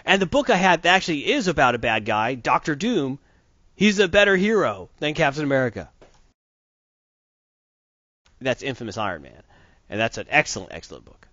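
A man's voice: a little high, very animated, fast talker, sharp tone, no room sound. A man reviewing a comic book in a casual podcast chat, rambling and opinionated. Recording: dull dry lo-fi recording.

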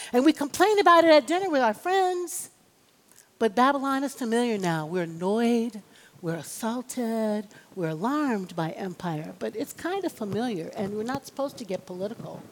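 A woman preacher delivering an emphatic, rhythmic sermon and calling on the congregation for amens. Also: fairly high pitch. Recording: long reverb of a large hall.

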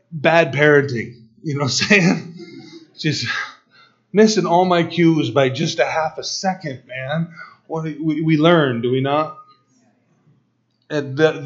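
A middle-aged man preaching a sermon, telling a personal story in quick bursts with stammered restarts. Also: medium pitch. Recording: dull lo-fi recording.

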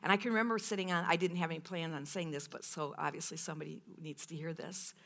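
At a women's meeting, a woman in her fifties gives an animated personal testimony, acting out her past outbursts and laughing often. Her voice sits low and she talks fast.

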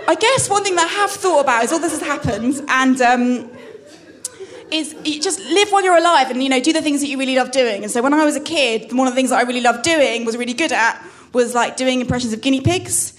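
Fast, high-voiced woman comedian. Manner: halting, self-deprecating, many restarts. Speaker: stand-up comedian. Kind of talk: stand-up set. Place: comedy club stage.

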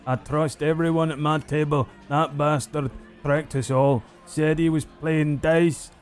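Man doing a drunk dwarf, loud and grumbling, faint music behind. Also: mid-range voice, little pitch movement, moderate pace, pitched above the performer's own voice, close to an everyday voice. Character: drunk bitter male dwarf drinker, grumbling.

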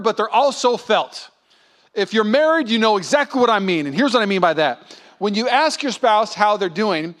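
A man in his thirties preaching a sermon as pastor, animated and acting out quoted voices. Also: high voice.

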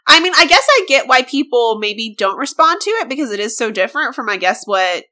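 A woman's voice: fairly high pitch, lively intonation, fairly quick, sharp tone. A woman co-hosting a podcast, chatting about a book in an enthusiastic, casual way. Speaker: podcast co-host. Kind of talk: casual book-club chat.

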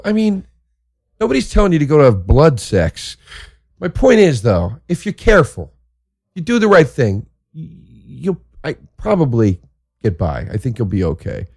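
A male comedian hosting his own show and riffing through a crude, joking story. His voice sits at an ordinary middle pitch, and the recording is close and dry with almost no room sound. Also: normal speed, creaky, no echo. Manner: crude, joking, swings into excited exaggeration. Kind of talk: casual storytelling monologue.

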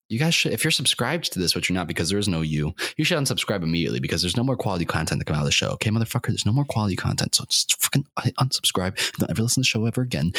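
A young man in his twenties with a deep voice rambles through a solo comedy podcast, his pitch leaping all over the place. He mocks himself and swerves into bursts of shouting and silly repetition, his throat sore from screaming. The sound is dry and close, with no room around him. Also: vocal fry, dry recording. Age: 20s. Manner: erratic, self-mocking, swings into shouting and silly sing-song bits. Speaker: podcast host.

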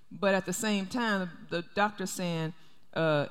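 A woman's voice: lowish voice, measured pace, clear, resonant tone, in a large hall. A woman pastor preaching a sermon, emphatic and repeating her key phrases. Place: church sanctuary.

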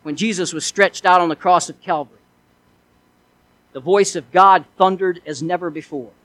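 A man's voice: sits high, steady tone, normal speed, a bit bright, dry recording, low-quality recording. A male pastor preaching a sermon in an earnest way, asking his listeners one rhetorical question after another.

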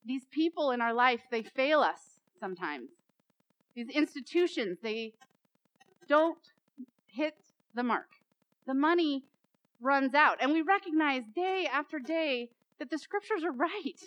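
A woman's voice: sits high, expressive, measured pace, fairly bright tone, rough recording. A woman preacher giving a dramatic sermon, repeating phrases and building to emphatic peaks.

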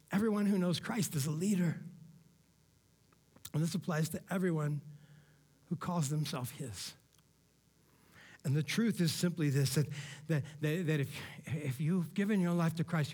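A man preaching a sermon as a pastor, in a casual, conversational way, peppering his talk with "man" and "all right?" and swinging between loud emphatic bursts and quiet asides. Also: high voice.

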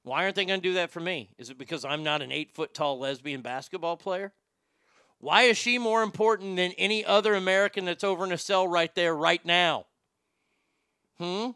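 Loud, sarcastic ranting male podcast host. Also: sits high, a little fast, clean tone, no echo. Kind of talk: opinionated talk show rant.

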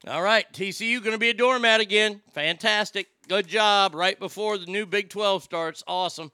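A man's voice: high-pitched, normal speed, bright, forceful tone, clean tone, dry recording, studio quality. A man ranting casually about weekend football scores, brash and sarcastic, swearing freely. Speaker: sports talk host. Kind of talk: casual sports rant.

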